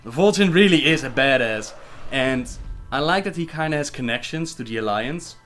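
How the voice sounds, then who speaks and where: A man on a casual livestream who reads viewer questions aloud and answers them in a chatty, relaxed way. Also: mid-range voice, normal speed, faint music behind. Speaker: gaming lore livestreamer.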